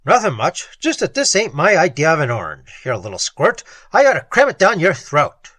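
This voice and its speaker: A narrator voicing Spike, a gruff, blustering male convict with a rough, sneering manner. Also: mid-range voice, sing-song, normal speed, a bit bright, dry recording, voice pushed up.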